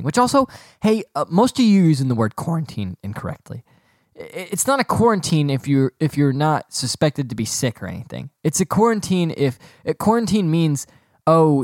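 A young man talks straight into a close mic in a dry, deadened room, his voice sitting at an ordinary middle pitch. He rambles through a casual solo podcast rant, sarcastic and full of restarts. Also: no room sound. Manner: rambling, sarcastic, breaks into giggling fits. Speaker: podcast host.

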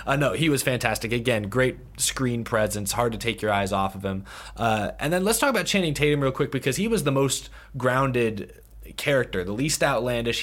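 A man's voice: mid-range voice, fairly bright tone. A man co-hosting a casual film review chat, rambling and hesitant, with many fillers and restarts. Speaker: podcast co-host.

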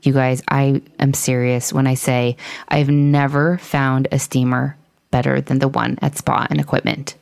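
A woman's voice: a bass voice, little pitch movement, unhurried, creaky, a little mellow. A young woman hosting a casual podcast, chatty and laughing often. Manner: chatty, laughs often, talks while eating. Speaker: podcast host.

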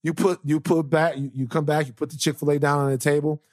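A man co-hosting a podcast in a casual comedic chat, telling lively stories and acting out voices. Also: a little high, fast talker. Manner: animated storyteller, acts out voices. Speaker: podcast co-host.

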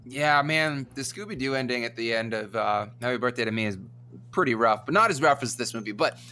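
A man in his thirties co-hosting a casual movie review chat, animated and profane, often restarting his sentences. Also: medium pitch, a little fast. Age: 30s. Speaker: podcast co-host.

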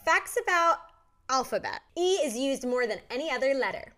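A woman's voice: high-pitched, animated, normal speed, background noise. A young woman co-hosting a podcast, upbeat and chatty, reading out facts with many fillers. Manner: upbeat, chatty, reads facts aloud, lots of "like" and "yeah". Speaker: podcast co-host. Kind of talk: casual chat.

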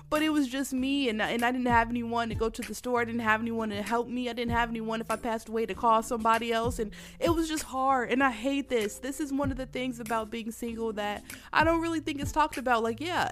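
A woman's voice: on the high side, fairly quick, faint music behind. A woman hosting a casual solo podcast while sick and coughing, candid and rambling, laughing often and calling her listeners y'all. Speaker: podcast host.

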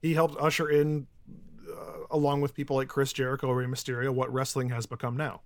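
A man with a Chicago accent co-hosting a casual podcast, chatty and quick to laugh. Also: mid-range voice, level tone. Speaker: podcast co-host and editor. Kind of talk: casual chat.

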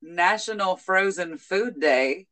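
A man hosting a podcast, reading out a list of days in a low-key, easy way. His voice sits high for a man. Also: slow pace, sharp tone. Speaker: podcast host. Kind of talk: casual chat.

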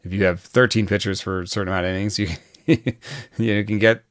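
Male baseball podcast guest, chatty, laughs a lot, smooth voice, lowish pitch, dry close sound. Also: fairly even intonation, a little fast, a bit bright, dry recording. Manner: chatty, frequent fillers and self-restarts, laughs often. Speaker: baseball analyst. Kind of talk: casual podcast chat.

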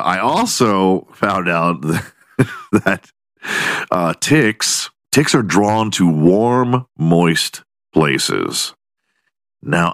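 A man's voice: low voice, dry recording, studio quality. A man hosting his own podcast, rambling crudely through a comedic monologue and laughing at his own jokes. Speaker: podcast host.

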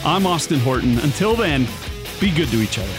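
A man hosting a sports podcast, calmly signing off the episode. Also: a little high, fairly quick, over music. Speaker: podcast host. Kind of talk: podcast sign-off.

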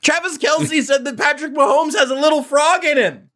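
A man's voice: extremely high pitch, moderate pace, pushed and bright. A man hosting a casual sports podcast, tossing in wry, playful asides. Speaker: podcast host.

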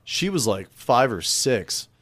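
A man talking casually on a podcast, retelling things he has watched in a blunt, profane way. His voice sits at an ordinary middle pitch for a man. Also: slow pace, crowd noise. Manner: animated storyteller, blunt and profane. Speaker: podcast co-host. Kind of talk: casual chat.

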